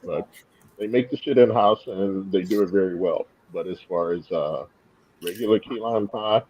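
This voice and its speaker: A chef guest talks in a relaxed way, with easy fillers, in a low male voice. The sound is a bit dull and lo-fi, with a faint hiss. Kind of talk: casual podcast talk.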